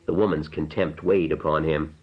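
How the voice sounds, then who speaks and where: A man reading an audiobook narration in a measured, unhurried way. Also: a bass voice, fairly even intonation, slightly rough, muffled recording.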